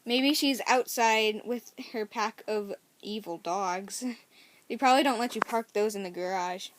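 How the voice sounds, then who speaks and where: A woman's voice: medium pitch, measured pace, slight background noise. A woman reading a novel aloud in a casual, first-person way, often correcting herself and making chatty asides. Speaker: story reader.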